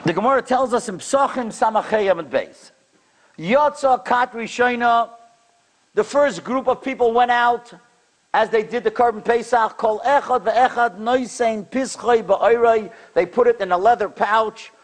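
Animated high-voiced rabbi telling stories. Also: male voice, normal speed. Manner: animated, acts out the people in his stories with big jumps in pitch and loudness. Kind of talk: sermon storytelling.

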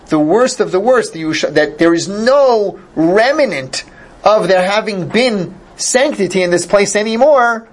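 A man teaching a Torah class, explaining each Hebrew phrase in English and restarting sentences as he thinks aloud. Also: high voice. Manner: thinks aloud, with repeated starts.

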